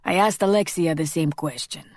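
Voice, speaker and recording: A woman's voice: deep voice, moderate pace, no echo, clean studio sound. A woman voicing a cocky young male shapeshifter who teases his friend in joking, slangy banter.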